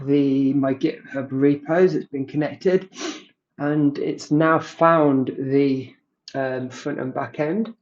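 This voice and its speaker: A man casually presenting a software walkthrough, talking in a halting way, with lots of ums and restarts. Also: medium pitch, fairly even intonation. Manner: halting, many ums and restarts, self-described non-coder. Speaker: tutorial presenter. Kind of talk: casual screen-recorded walkthrough. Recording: muffled audio.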